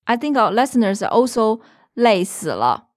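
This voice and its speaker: A woman's voice: a little high, sing-song, moderate pace. A woman teaching on a language lesson podcast, patiently explaining and giving example sentences, recorded in a studio. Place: studio in Beijing.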